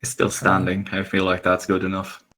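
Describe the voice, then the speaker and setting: A man playing a tabletop game, talking slowly through his turn with many pauses and fillers. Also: deep voice, monotone, sharp tone. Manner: slow, halting, with many fillers while planning moves. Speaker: player.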